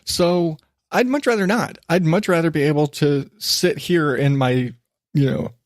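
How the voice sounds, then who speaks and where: A man's voice: fairly high pitch, measured pace, no echo, studio quality. Rambling, self-mocking male podcast host. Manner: rambling, self-deprecating, swears casually. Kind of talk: casual solo podcast monologue. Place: home desk.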